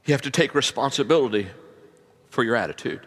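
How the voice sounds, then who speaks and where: A man who is a pastor, preaching a sermon and telling stories, swinging from hushed to loud. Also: mid-range voice, fast talker.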